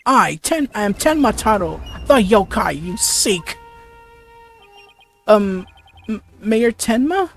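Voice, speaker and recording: A reader voicing a bombastic male demon king who has taken over a mayor, reading let's play dialogue with booming theatrical proclamations and frequent stumbles over the words. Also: sing-song, slow, pauses often, fairly bright tone, faint music behind, heavily acted. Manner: stammers over the lines.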